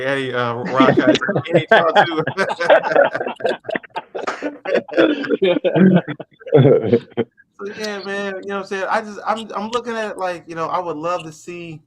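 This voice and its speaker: A man's voice: on the high side, a bit bright. A young man hosting a casual sports podcast, talking loosely and laughing a lot. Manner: laid-back, loose, laughs a lot, lots of "you know what I'm saying". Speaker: podcast host.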